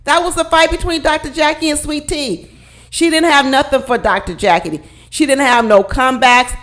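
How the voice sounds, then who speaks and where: A woman's voice: high voice, moderate pace, a bit bright. A woman giving a casual vlog review of a reality TV show, talking straight to her viewers in a blunt, emphatic, colloquial way.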